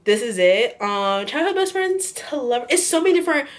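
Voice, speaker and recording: Speaking at a moderate pace in a high-pitched, sing-song voice, a woman casually vlogs about the book she's reading. She's chatty and gushing, rambling along with plenty of "like" and "kinda."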